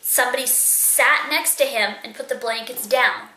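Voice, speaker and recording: Chatty young woman with a bright voice. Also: on the high side, moderate pace. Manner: chatty, lots of fillers. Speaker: vlogger. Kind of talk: casual storytelling. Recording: echoey room.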